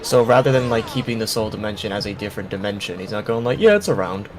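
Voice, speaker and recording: An Irish man with a lowish voice trading jokes on a game stream. He talks in a quick, wisecracking way and swears freely, with loud game music behind him. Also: fairly even intonation, poor audio. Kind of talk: casual chat while streaming a game.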